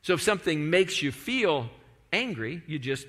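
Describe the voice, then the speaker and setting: Bright-voiced man preaching in a hall. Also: a little high, sing-song, moderate pace. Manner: conversational preaching with frequent restarts and "like". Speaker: pastor. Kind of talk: sermon.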